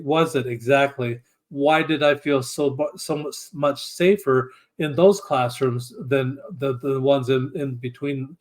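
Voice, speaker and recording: A man speaking as an interview guest, earnest and thoughtful, often restarting his sentences as he works through ideas. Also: mid-range voice. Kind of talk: reflective conversation.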